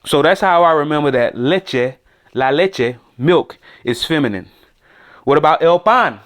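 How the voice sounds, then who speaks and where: A man's voice: on the high side, animated, a little slow, a bit bright. A man teaching beginner Spanish words on a podcast, thinking aloud and repeating words for listeners to echo. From United States. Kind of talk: casual spoken lesson.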